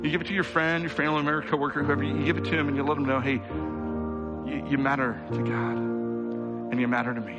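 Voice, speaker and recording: A male pastor preaching a sermon, talking straight to his congregation and building to fervent, rhythmic peaks before easing back into a conversational tone. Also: on the high side. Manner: builds to fervent rhythmic crescendos, then quiets; direct, conversational address to the congregation.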